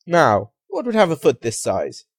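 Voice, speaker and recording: A man's voice: huge pitch swings, normal speed, husky, dry recording, full character voice. A man voicing an eccentric, grandiose male detective in a comic story, with theatrical exclamations. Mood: excited. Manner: exclamatory, theatrical, high-pitched outbursts.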